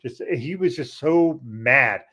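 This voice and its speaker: A man's voice: mid-range voice, slow pace. Male co-host, loose profane banter, mid-range voice, laughs easily. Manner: animated, swears freely, laughs while telling. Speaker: podcast co-host. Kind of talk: casual chat.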